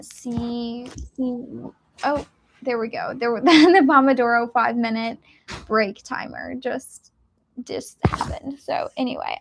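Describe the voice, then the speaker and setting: Casual book streamer, woman, high voice with vocal fry, rambling chatty delivery full of fillers. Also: fairly bright tone, slight background noise. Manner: rambling, chatty, many fillers and little laughs. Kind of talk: casual live stream chat. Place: at home during a reading live stream.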